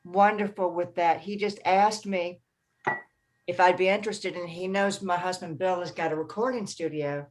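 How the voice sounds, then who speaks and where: Low-voiced woman with a Southern drawl. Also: normal speed, noisy background. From American South. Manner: lively, chatty storytelling. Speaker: book club member and narrator. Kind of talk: casual video-call chat.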